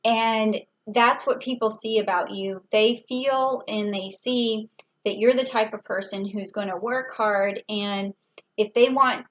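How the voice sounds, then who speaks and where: Through a muffled recording, a medium-pitched female tarot reader chats her way through a casual reading, thinking out loud with fillers and little laughs.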